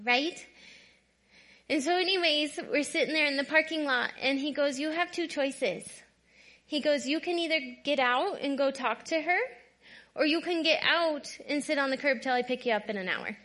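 A woman with a high, bright voice shares her personal testimony in a candid, conversational way. She often checks in with her listeners, shifting between hushed, quiet moments and louder stretches. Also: moderate pace. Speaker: guest speaker.

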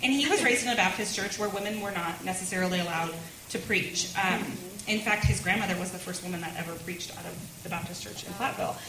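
A woman's voice: fairly low pitch, quick pace. A woman in her thirties giving a chatty personal testimony at a women's church gathering, laughing often between her words. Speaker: speaker sharing her testimony. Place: church meeting room. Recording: roomy sound with background noise.

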